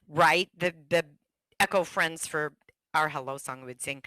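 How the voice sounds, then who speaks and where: Bright-voiced woman teaching music. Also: unhurried, studio quality. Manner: animated, breaks into high sung echoes. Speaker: music teacher leading a teacher workshop. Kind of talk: online music workshop with echo songs.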